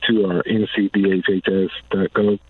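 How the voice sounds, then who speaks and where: A man answering as a public health official on a radio show, halting, with frequent ums and "you know". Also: sits low, flat delivery, far from the mic, narrow, tinny audio.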